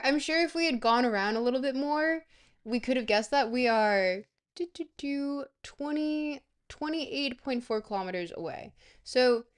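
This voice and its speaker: A young woman streaming a geography guessing game, rambling and playful, breaking into sudden excited squeals. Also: high voice. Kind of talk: live-stream game commentary.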